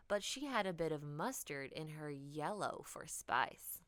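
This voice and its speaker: A woman reading a children's storybook aloud, expressive and dipping into whispers for drama. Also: low voice, a little slow, hardly any pauses, no echo.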